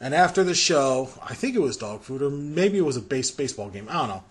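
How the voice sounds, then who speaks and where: A man's voice: mid-range voice, lively intonation, fast talker, breathy edge. An American man hosting a podcast, telling a rambling story in casual chat and laughing through it. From United States. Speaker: podcast host.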